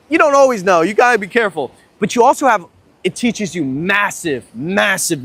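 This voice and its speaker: A young man with a fairly high voice, livestreaming from a beach into a phone he carries as he walks. He talks in a loose, rambling, profane way that turns excitable as his stories build. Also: dry recording. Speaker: dating coach livestreamer. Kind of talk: casual livestream vlog. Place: outdoors at a beach.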